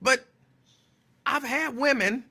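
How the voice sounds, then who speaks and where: A man's voice: very high-pitched, slow pace, pushed and bright, husky. A man hosting a casual talk stream, chatting loosely, reacting to viewer comments and repeating phrases for emphasis. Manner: chatty, digressive, answers chat comments. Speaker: talk show host.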